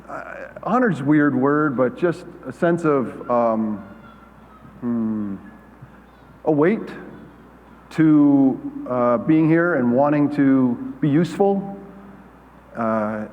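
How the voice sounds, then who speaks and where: Older man speaking in a reverberant hall. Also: mid-range voice. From United States. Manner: halting, self-deprecating storytelling with many fillers and restarts. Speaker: keynote speaker. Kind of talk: conference keynote talk. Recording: muffled sound with long hall reverb.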